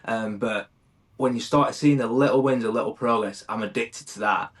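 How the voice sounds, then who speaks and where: Speaking at normal speed in a medium pitch, a British firefighter in his thirties chats casually on a podcast as a guest. He's candid and reflective, addressing the host as "mate."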